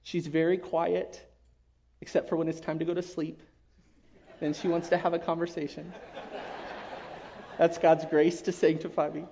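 High-voiced man giving an earnest church testimony. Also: flat delivery, a little hiss or hum. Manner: earnest, halting, often drops to a hush. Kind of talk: emotional personal testimony. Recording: dull lo-fi recording.

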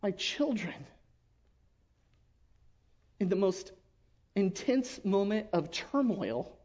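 A man giving an emotional personal testimony to his church, earnest and halting, often dropping to a hush. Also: sits high, sing-song. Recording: dull lo-fi recording.

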